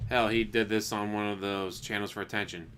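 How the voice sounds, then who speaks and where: A man's voice: on the low side, steady tone, a little fast, a bit bright, a little hiss or hum. A man reacting to a video in blunt, incredulous commentary, swearing often and mocking the person he watches. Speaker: commentary streamer. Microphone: desktop USB mic.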